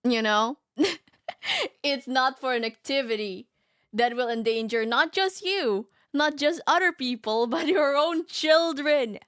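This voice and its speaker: A woman streamer reading a story aloud and reacting in casual chat, animated and giggly, often laughing. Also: high voice, unhurried, smooth, dry recording, studio quality. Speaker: VTuber streamer.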